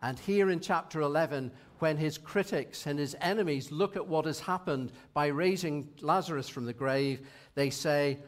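A man in his sixties preaching a sermon in a measured, reflective way, reading scripture passages aloud. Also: a little high.

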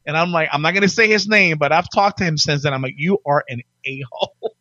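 A man in his forties telling stories in a casual chat, animated, barking out impressions of drill instructors. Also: a little high, quick pace, dry recording, dull audio. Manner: animated, acts out drill instructors in loud barks. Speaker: podcast guest telling his life story.

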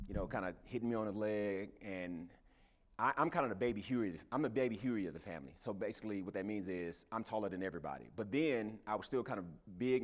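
Man preaching, storytelling, somewhat low voice, halting with fillers. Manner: animated, hesitant storytelling with many fillers. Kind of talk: storytelling sermon.

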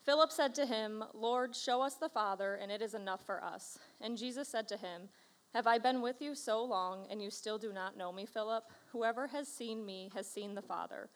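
A woman's voice: on the high side, normal speed. Woman reading scripture aloud. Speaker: scripture reader.

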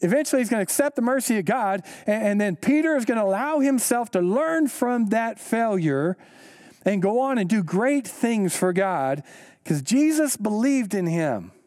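A pastor preaching a sermon, earnest and emphatic, repeating key lines slowly for weight. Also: male voice, expressive, darkish tone, dry recording, studio quality. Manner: rises in pitch when stressing a point.

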